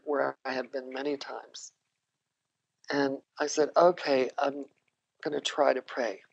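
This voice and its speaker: A woman's voice: deep voice, a little mellow, muffled recording. An older woman, a guest on a podcast, telling reflective personal stories and laughing often. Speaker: interview guest, psychotherapist. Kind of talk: conversational storytelling.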